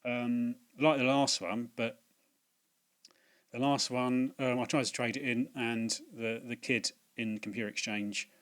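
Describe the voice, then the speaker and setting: A man's voice: mid-range voice, fairly bright tone. A man hosting a casual video about things he bought, rambling and chatty with many fillers, recorded at home on a laptop mic. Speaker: video host. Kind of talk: casual unboxing vlog. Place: home room at dusk. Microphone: laptop built-in mic.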